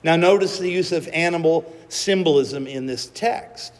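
A man preaching a sermon, telling the story slowly and dramatically with acted-out quotes. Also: a little high, in a large hall.

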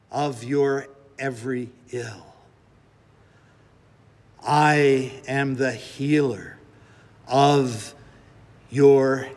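A man voicing the risen Jesus as a gentle, confident, holy figure speaking to a crowd. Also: mid-range voice. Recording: reverberant hall with music behind.

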